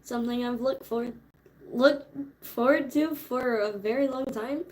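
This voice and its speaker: A woman's voice: on the high side, measured pace, darkish tone. A woman in her twenties chatting casually with viewers, laid-back and slangy, laughing often. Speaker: streamer. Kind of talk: casual chat.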